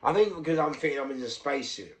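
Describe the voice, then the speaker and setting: A middle-aged man with a London accent, telling his own story casually, repeating phrases and swinging between hushed and loud. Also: on the high side, expressive, quick pace. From England.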